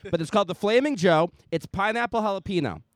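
A man's voice: high voice, fast, dry recording, clean studio sound. Hyped, swearing male podcast host. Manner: hyped, profane, joking. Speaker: podcast host reading sponsor ads. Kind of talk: loud casual ad read.

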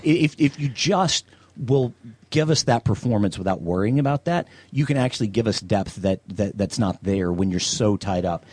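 Blunt Southern-born man, husky voice. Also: lowish voice, animated, normal speed, a little mellow, no echo. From American South. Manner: opinionated, blunt, frequent ums and restarts. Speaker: podcast co-host. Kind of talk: casual movie-review chat.

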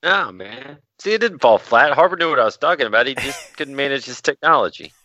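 A man's voice: mid-range voice, expressive, brisk, sharp tone, no room sound, highs cut off. A man co-hosting a casual podcast, joking and swearing. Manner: joking, profane. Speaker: podcast co-host.

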